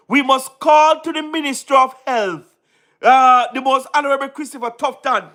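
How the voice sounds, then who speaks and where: A Jamaican man talks in a very high voice with a bright, forceful edge. He gives casual commentary, mocks his subject, laughs often and keeps repeating his phrases. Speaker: online political commentator.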